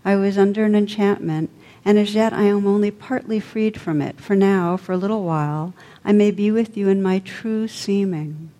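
A woman reading aloud, voicing a gentle, wise enchanted young noblewoman in a low, soft voice, with a long hall reverb. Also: moderate pace, close to an everyday voice.

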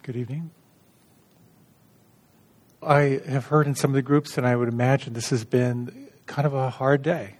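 A middle-aged man giving a dharma talk as a meditation teacher, calm and gentle, telling stories with light humor. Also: mid-range voice, moderate pace, long pauses.

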